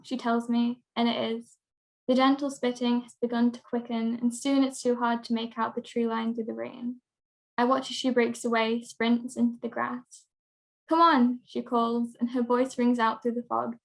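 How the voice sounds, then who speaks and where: A teenage girl reading her own prose piece aloud in a steady, measured way. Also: fairly high pitch, gravelly. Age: teens. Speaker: young writer.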